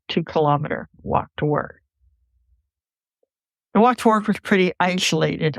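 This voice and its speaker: A woman recounting a personal story in an earnest, measured way for a podcast. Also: sits low, no echo. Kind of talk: personal story told into a mic.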